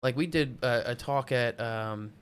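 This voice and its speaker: A man's voice: mid-range voice, measured pace, clean tone. A man in his forties from Arkansas, a musician guest talking loosely in a casual chat, swearing now and then and restarting his sentences. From Arkansas, USA. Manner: loose and chatty, swears, stumbles over restarts.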